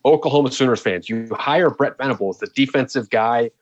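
On a casual sports podcast, a male co-host with a mid-range voice talks college football a little fast, laughing a lot and exclaiming in disbelief. He's animated, and the dry recording sounds dull and somewhat lo-fi.

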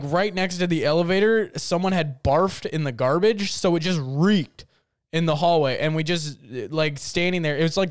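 Young male vlogger, slightly higher voice, smooth and clean; rambling, jokey storyteller. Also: dry recording, studio quality. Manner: rambling, filler-heavy, jokey. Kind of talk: casual storytelling rant.

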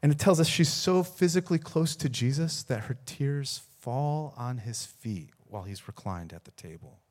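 A man's voice: medium pitch, lively intonation, moderate pace, darkish tone. A man, a pastor, preaching a sermon, telling a story earnestly with repeated words and rising emphasis.

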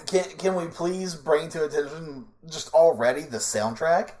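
A man co-hosting a casual podcast, jumping in eagerly with excited remarks. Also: on the high side, a little slow. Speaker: podcast co-host. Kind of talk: casual chat.

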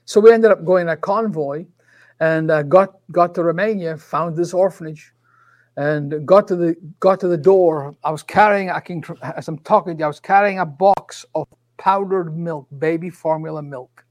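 Minister in his sixties, high-pitched, animated storyteller who acts out every exchange. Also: moderate pace. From Scotland. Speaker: minister and author. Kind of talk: storytelling testimony. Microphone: studio microphone.

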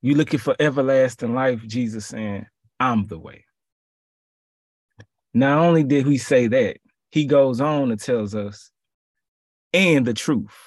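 Street-casual preacher, man, slightly raspy, repetitive emphatic delivery, dead-dry sound. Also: mid-range voice, a little slow, long pauses, darkish tone, dry recording. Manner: conversational, slangy, repeats phrases. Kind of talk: casual sermon.

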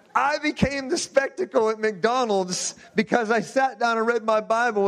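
A man's voice: sits high, a bit bright. A man in his forties preaching, telling a personal testimony with impassioned storytelling and rhetorical questions.

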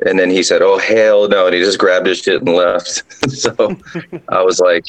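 A drill sergeant guest casually telling a ghost story, rambling along with lots of fillers. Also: male voice, low-pitched, steady tone, moderate pace, poor audio.

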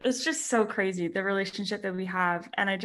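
A woman's voice: medium pitch, a little fast, fairly bright tone. A woman guest on a podcast chatting casually and rambling, full of fillers. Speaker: podcast guest, mindset coach. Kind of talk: casual chat.

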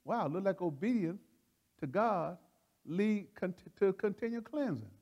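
A man preaching in a folksy, excitable way, often laughing and repeating phrases as he teaches. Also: sits high, a little slow, muffled recording. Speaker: preacher leading a Bible study. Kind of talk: animated sermon teaching.

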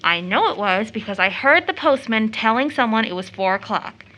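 A playful, impulsive young woman, as an actress reads her part speaks in a bright, forceful voice that sits a little high. She gushes and teases with easy affection in this stage play reading. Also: expressive, normal speed, poor audio. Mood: excited. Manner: effusive, gushing, teasing.

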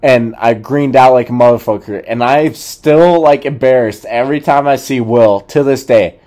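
A young man co-hosting a casual podcast, talking low-key and halting. His sentences stop and restart around filler words, and his pitch sits in the middle for a man. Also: dark tone. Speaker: podcast co-host.

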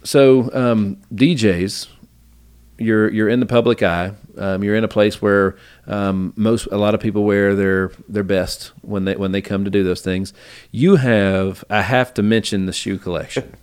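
A man's voice: fairly low pitch, steady tone, measured pace, darkish tone, smooth. A man hosting a podcast interview, enthusiastic and rambling, often restarting his sentences. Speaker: podcast host. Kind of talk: casual interview chat.

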